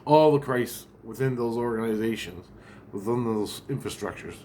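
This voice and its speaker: A man's voice: medium pitch, moderate pace, dark tone, a little hiss or hum. A man telling a long account of a dream in a rambling, profane way, with many restarts and asides. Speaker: vlogger.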